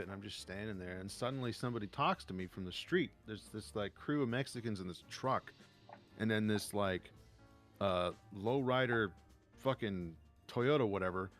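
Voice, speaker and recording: A man co-hosting a podcast, telling stories in a casual, profane, animated way. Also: lowish voice, moderate pace, soft background music. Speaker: podcast co-host. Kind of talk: casual storytelling chat.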